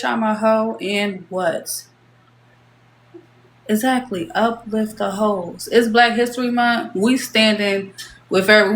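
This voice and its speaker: A woman's voice: medium pitch, fairly bright tone, reverberant, slight background noise. A woman hosting a casual live-stream chat, reading viewer comments aloud in a playful way. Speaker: show host.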